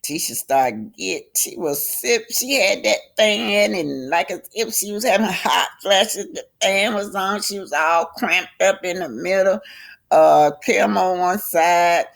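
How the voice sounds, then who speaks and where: Host, woman, casual gossip recap, gravelly and unhurried. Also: mid-range voice. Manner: chatty, drawn-out storytelling. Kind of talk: casual reality show recap.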